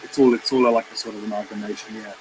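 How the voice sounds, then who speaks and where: A man with a Welsh accent, speaking as a guest on a remote call in a casual live-stream chat. He talks haltingly and repeats words while he searches for what to say. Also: lowish voice, little pitch movement, noisy background. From Britain. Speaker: caller guest. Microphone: remote call microphone.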